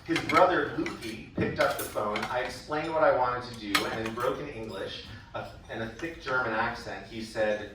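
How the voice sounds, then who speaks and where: A man with a mid-range voice speaks at normal speed through a prepared speech at a school event, telling stories and becoming lively when he quotes others. Heard from afar in an echoey hall, the background is noisy.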